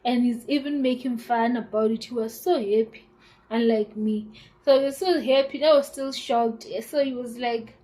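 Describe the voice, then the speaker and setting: A woman's voice: on the high side, normal speed, rough recording. A South African woman in her twenties, telling her pregnancy story casually to camera, acting out the conversations she retells. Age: 20s. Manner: animated retelling with quoted dialogue and laughter. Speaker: YouTuber.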